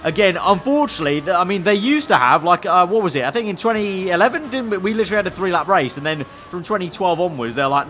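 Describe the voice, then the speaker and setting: A man's voice: high-pitched, animated, brisk, few pauses, a bit bright, faint music behind. A man, a gaming channel host, giving sarcastic, rambling gameplay commentary.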